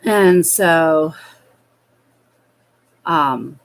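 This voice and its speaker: Slow, low-voiced woman telling her story. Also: gravelly, rough recording. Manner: slow, hesitant, halting with fillers. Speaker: vlogger. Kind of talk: personal storytelling.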